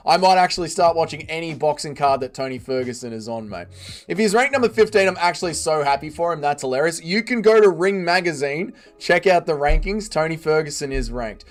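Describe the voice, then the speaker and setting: A man hosting a casual livestream, reading chat aloud, swearing often and laughing readily. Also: on the high side.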